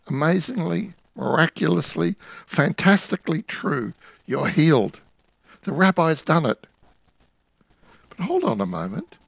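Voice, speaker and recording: A man preaching a sermon, retelling a scripture story in the second person with vivid, dramatic pauses. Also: on the high side, gravelly, no echo.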